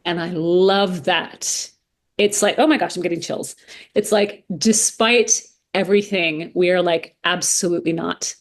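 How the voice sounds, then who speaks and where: A woman's voice: lowish voice, steady tone, a little slow. A woman, a voice coach speaking as a podcast guest, earnest and emphatic, often repeating phrases. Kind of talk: interview conversation.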